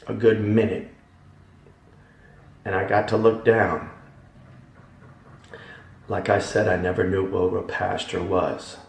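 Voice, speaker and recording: A man giving a dramatic Christian testimony, emphatic, swinging from hushed tones to loud ones. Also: lowish voice, vocal fry. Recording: echoey hall, voice from far off.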